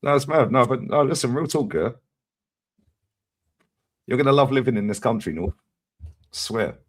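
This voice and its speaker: A man chatting on a live stream, telling stories loudly with a lot of swearing and laughter. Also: medium pitch, normal speed. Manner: loud, profane, animated storytelling. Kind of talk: casual chat on a live stream.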